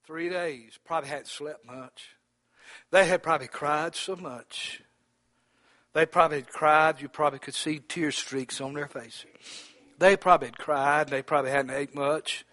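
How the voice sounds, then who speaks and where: Male preacher, fairly high voice, dramatic loud-to-whisper delivery, dry sound. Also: fairly even intonation, moderate pace, no room sound. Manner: swings from loud exclamations to near-whispers, addresses brothers by name. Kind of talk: sermon.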